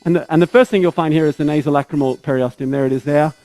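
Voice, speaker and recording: A man's voice: on the high side, fairly even intonation, very fast, warm tone, no echo, poor audio. A man, a surgeon, giving step-by-step teaching commentary during a live operation, often checking in with tag questions.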